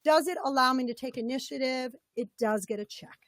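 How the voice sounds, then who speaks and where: A woman's voice: sits high, brisk, no echo. A woman leading a live webinar as a coach, upbeat and conversational, her voice a little scratchy and froggy. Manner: upbeat, conversational, repeats key points.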